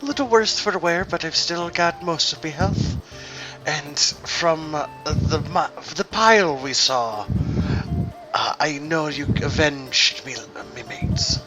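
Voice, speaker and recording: An older, drunk, grandfatherly gnome with one leg, who rambles with kindly fillers, as a man puts him on. Music plays clearly under the voice of this tabletop-game figure. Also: on the high side, animated, takes it slowly, pitched above the performer's own voice. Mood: consoling.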